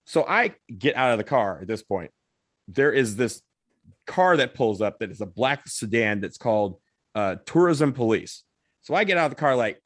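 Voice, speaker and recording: A man co-hosting a podcast, telling a story in an animated, casual way and swearing now and then. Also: mid-range voice, moderate pace, no echo, studio quality. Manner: animated, swears, acts out others' lines. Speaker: podcast co-host.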